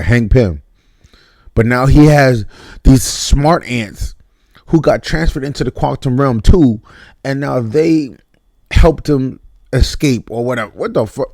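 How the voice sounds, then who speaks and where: A man giving a casual spoken movie review, blunt and animated, with mock voices and some cursing. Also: medium pitch, dry recording, clean studio sound.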